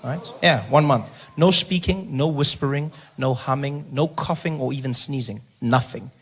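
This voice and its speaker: A middle-aged man from South Africa performing a stand-up routine, telling a story in an animated way, acting out other voices and dropping to a soft hush for jokes. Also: medium pitch, normal speed, breathy edge. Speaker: stand-up comedian. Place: stage.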